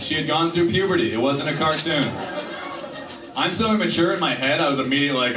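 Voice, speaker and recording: A man's voice: a little high, brisk, a crowd in the background. Brash male stand-up comic, roomy club. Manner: brash, self-mocking, punchy. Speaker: stand-up comedian. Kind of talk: stand-up comedy set. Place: comedy club stage. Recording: roomy sound from a distant mic.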